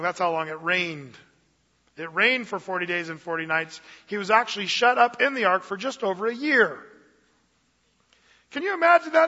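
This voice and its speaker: A man preaching a sermon as pastor, lively and conversational, with playful asides. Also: sits high. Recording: dull lo-fi sound, long reverb of a hall.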